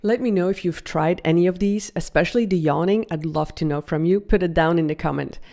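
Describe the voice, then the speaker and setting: A woman voice coach teaching a video lesson, upbeat and demonstrative, slowing her delivery for effect. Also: lowish voice, warm tone.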